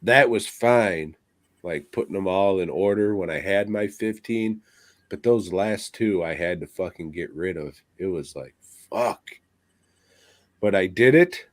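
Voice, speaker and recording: A man's voice: sits low, a little slow, dry recording. A man co-hosting a podcast, ranting crudely and swearing constantly in casual chat. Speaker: podcast co-host.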